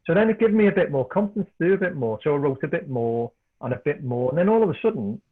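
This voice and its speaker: A middle-aged man from Liverpool with a Scouse accent, a podcast guest and author telling animated anecdotes in casual chat. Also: fairly high pitch, fast, breathy edge. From Liverpool, England. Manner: animated anecdotes, repeats words when excited. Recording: tinny phone-like call line.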